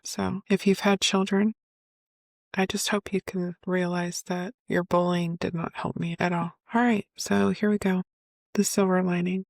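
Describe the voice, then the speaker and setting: Candid woman telling a painful story, gravelly. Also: on the low side, darkish tone, dry recording, studio quality. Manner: candid, emotional, halting. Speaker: podcast host. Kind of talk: personal storytelling.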